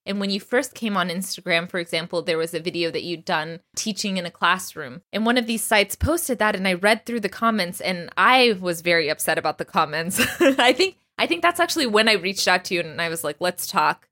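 A woman's voice: fairly low pitch, expressive, sharp tone. A woman hosting an interview who lays out the background before she asks her guest a question. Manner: measured, explains her context before asking a question. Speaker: interviewer, host.

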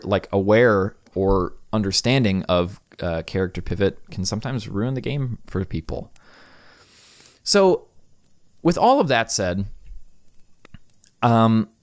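A man's voice: mid-range voice, dry recording, clean studio sound. A young man hosting a solo podcast from a room in his house, talking casually with lots of fillers. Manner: casual, rambling, many fillers. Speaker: podcast host. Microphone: studio microphone.

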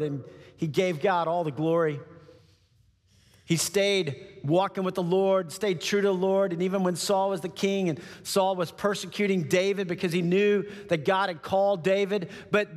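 A man preaching a sermon in a church, telling a scripture story in a lively, conversational way. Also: high-pitched. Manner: animated, conversational, acts out the scenes. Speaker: pastor. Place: church auditorium. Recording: long church-hall reverb.

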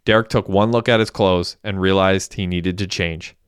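A man reads a crime story in a steady, even manner. His low voice is smooth and clear, and the recording is close and free of room sound. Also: moderate pace, no echo. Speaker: audiobook narrator. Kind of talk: scripted narration.

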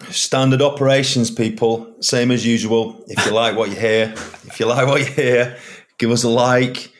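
A man's voice: mid-range voice, steady tone, normal speed, slight background noise. A man with a Northern English accent, hosting a casual podcast chat and rambling, often repeating his phrases. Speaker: podcast host.

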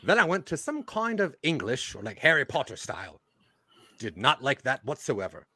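A man's voice: mid-range voice, huge pitch swings, normal speed, pushed and bright, husky, no echo, clean studio sound. A man giving a mock presentation in improvised comedy, playful and mock-villainous, drifting in and out of a put-on accent.

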